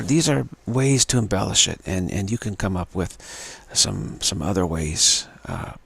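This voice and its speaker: A man with a low, gravelly, husky voice gives a livestreamed spiritual lesson. He talks slowly and haltingly, repeating words and filling pauses with "uh". The sound is dry and close. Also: fairly bright tone, no room sound. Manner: slow, halting, repeats words with many fillers. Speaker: spiritual teacher.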